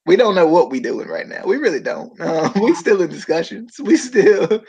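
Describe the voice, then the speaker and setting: Podcast co-host, animated pitch, joking, casual chat. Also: moderate pace, creaky, slightly rough, lo-fi sound. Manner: joking, laughs often, lively.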